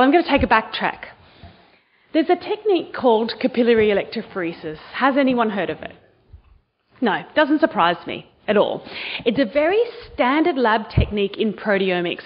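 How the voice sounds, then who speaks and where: Woman lecturer, upbeat, teaching style, slightly muffled lecture recording. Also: a little high. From Australia. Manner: enthusiastic, quizzes the audience. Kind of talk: university lecture to students. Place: lecture hall.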